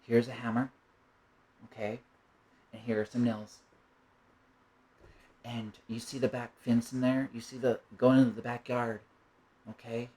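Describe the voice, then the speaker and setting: A man playing a loving, patient parent who speaks in a hushed, soothing voice. Each line is calm and reassuring, delivered within a spoken story. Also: lowish voice, fast talker, husky.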